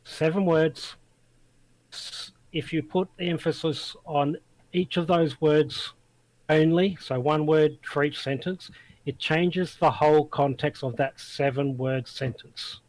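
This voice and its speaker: Blunt Australian man, higher voice. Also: fairly even intonation, takes it slowly, darkish tone, no echo, low-quality recording. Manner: blunt, emphatic, swears casually. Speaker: guest. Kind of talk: casual chat.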